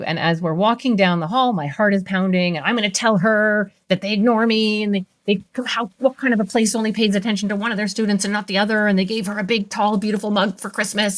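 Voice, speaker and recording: A middle-aged woman, a therapist, telling stories as a guest in an interview in a lively, expressive way. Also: mid-range voice. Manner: animated, expressive storyteller. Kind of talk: interview storytelling.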